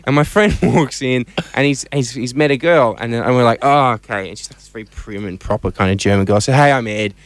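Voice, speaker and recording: Man, Australian accent, radio co-host, rambling storyteller, mid pitch, dry close sound. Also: quick pace, few pauses, no room sound. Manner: rambling anecdotal storytelling with laughs. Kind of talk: casual radio banter.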